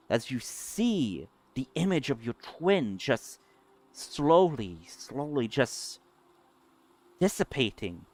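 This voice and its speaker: A man narrating as game master, describing scenes while searching for words. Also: mid-range voice.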